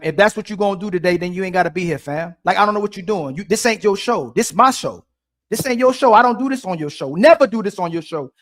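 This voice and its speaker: A man's voice: sits high, a bit bright. A man hosting a podcast panel, pressing a guest with repeated questions. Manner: insistent, repeats questions over and over. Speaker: podcast host. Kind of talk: heated panel talk.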